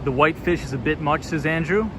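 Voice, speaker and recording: A young man with a fairly high voice chats through a casual street livestream, reading out viewer comments and answering them in an easy, upbeat way. Loud traffic and city noise run steadily under his voice throughout. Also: fairly quick. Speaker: livestream vlogger. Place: outdoors on city streets at night. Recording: street noise behind a loud outdoor stream. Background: loud traffic and city ambience.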